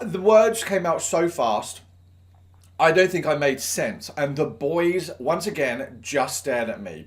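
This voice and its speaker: A man, a teacher, telling a self-mocking anecdote from his teaching life. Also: on the high side. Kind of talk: storytelling anecdote.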